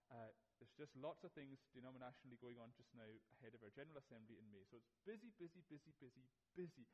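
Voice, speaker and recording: A middle-aged man preaching a sermon in an earnest way, moving from quiet personal reflection to emphatic, repeated points. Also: medium pitch, low-quality recording. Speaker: pastor.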